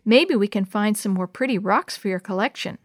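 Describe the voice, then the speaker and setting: A woman's voice: medium pitch, fairly quick, no room sound, studio quality, lightly acted. A woman voicing a caring but bossy older girl in a storybook.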